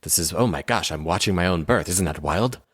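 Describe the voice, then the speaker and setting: An anxious young nobleman, voiced by a man, stammering and restarting in a low, dry voice. It comes from a tabletop role-play recorded with a close mic. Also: lively intonation, fairly quick, breathy edge, dry recording. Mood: nervous. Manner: stammering, nervous.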